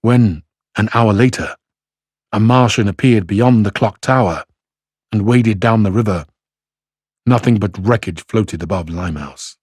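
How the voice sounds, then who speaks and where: A man reads passages from a classic novel in a steady, measured way. His voice sits low and a little husky. The sound is dry, with no room behind it. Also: no room sound. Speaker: reader. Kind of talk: reading a novel aloud.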